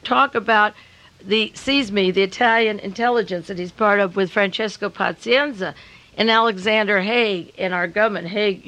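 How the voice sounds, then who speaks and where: An older woman hosting a radio talk show during a fundraiser, talking in long, rambling, emphatic runs and slowing down to hammer her points home. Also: mid-range voice, a bit bright, poor audio. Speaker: radio host.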